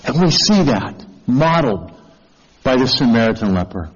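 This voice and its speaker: A man's voice: mid-range voice, very animated, normal speed, slightly rough, in a large hall, highs cut off. A man preaching a sermon as pastor, earnest, who often turns to the listeners with questions. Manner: earnest, asks the congregation questions.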